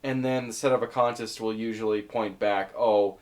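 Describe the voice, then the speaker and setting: A man's voice: on the low side, steady tone, fairly quick. A man giving casual commentary as he explains topics one by one, conversational and thinking aloud with some fillers. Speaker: video essayist.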